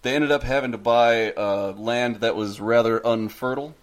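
A man's voice: medium pitch, steady tone, moderate pace. A man casually telling a local ghost story on a podcast, full of fillers and asides. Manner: rambling, frequent fillers and laughs.

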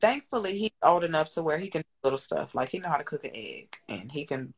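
A woman's voice: deep voice, very animated, fast talker, breathy edge, rough recording. A woman in her thirties, a business owner and single mother, talking candidly and at length as a guest, swearing freely and getting emotional. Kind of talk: candid podcast conversation.

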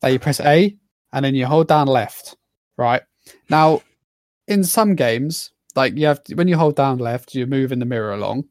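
A man's voice: mid-range voice, expressive, normal speed, darkish tone, dry recording, studio quality. A man co-hosting a podcast, casually explaining game puzzles step by step in an easygoing way, on his own microphone over a call. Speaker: podcast co-host. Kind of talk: casual gaming chat. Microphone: own microphone on a remote call.

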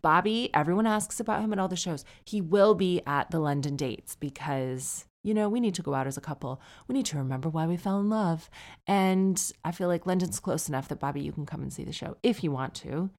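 A woman's voice: lowish voice, a little fast, darkish tone. A woman in her forties hosting a podcast, chatting casually and wryly as she reads out listener emails. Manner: chatty, wry, teasing. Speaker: podcast host and comedian.

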